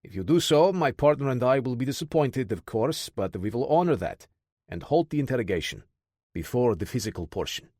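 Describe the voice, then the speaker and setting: A man voicing a mercenary interrogator who speaks with calm, threatening politeness. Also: mid-range voice, a little fast, no echo, studio quality. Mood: menacing.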